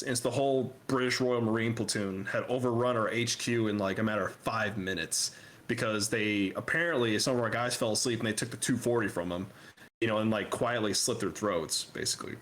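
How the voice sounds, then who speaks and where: A young man co-hosting a podcast, telling profane, animated stories about training and acting out other people's voices. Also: medium pitch. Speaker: podcast co-host. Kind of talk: casual storytelling chat.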